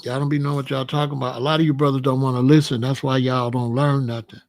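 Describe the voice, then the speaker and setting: A man's voice: medium pitch, flat delivery, quick pace, darkish tone. A man hosting a livestream, lecturing viewers in chat in a preachy, repetitive way. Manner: preachy, lecturing, repeats phrases. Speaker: host.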